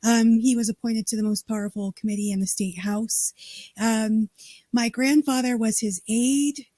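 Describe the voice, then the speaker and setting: A woman's voice: on the high side, steady tone, moderate pace, warm tone, no echo. A woman from Colorado, a state party chair, telling her story in a casual interview and acting out the dialogue.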